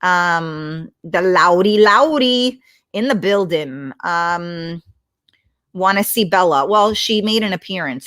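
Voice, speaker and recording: This livestream host's voice sits on the low side, a bit bright and animated, and she takes things slowly. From home on her laptop mic, she reads comments and talks bluntly with viewers, swearing freely.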